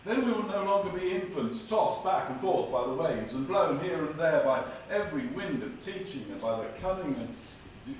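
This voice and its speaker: Guest preacher, animated and fairly high, distant mic in a very echoey church. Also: male voice. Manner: lively, dramatic delivery with big pitch swings. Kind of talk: sermon with jokes. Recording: echoey church from far off with noise.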